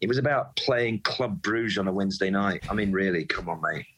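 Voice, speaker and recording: A man with a very deep voice talks football in a podcast conversation. He is passionate and emphatic, and he doubles up his words as he presses his points. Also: fairly quick, vocal fry, a bit bright, slight background noise, rough recording. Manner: passionate, emphatic, repeats words when worked up. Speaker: football club supporter guest.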